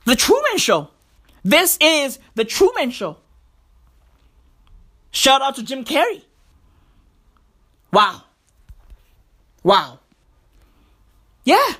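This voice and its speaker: A man ranting about the news in a profane, excitable comedic vlog, packed with slang. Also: extremely high pitch, drawn-out words, pauses often. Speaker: vlogger.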